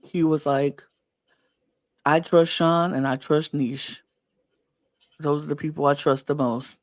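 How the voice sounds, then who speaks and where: A man co-hosting a podcast, gushing about reality TV in an excitable, animated way. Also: a little high, takes it slowly, no echo. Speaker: podcast co-host. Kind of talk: casual reality TV recap chat.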